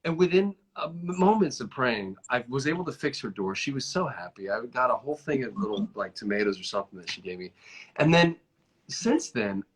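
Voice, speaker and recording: A man hosting a casual chat over a video call, telling stories animatedly and sometimes slowing down to reflect. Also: mid-range voice, slightly rough, low-quality recording. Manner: animated storyteller, often stretching out reflective phrases. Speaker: host.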